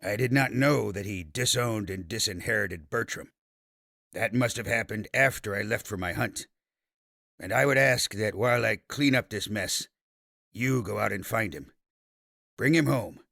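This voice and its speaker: An audiobook narrator playing a stern aged dragon-slayer patriarch who speaks slowly and firmly, with a commanding manner. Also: male voice, fairly low pitch, gravelly, pushed and bright, no echo, clean studio sound, heavily acted. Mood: earnest. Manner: commanding, slow and firm.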